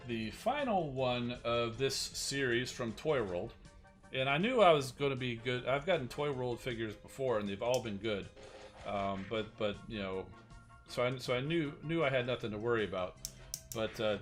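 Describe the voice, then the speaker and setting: A man hosting a casual livestream, showing off collectible figures in a rambling style with many fillers and restarts. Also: mid-range voice. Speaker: toy collector and channel host. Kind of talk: casual livestream show-and-tell.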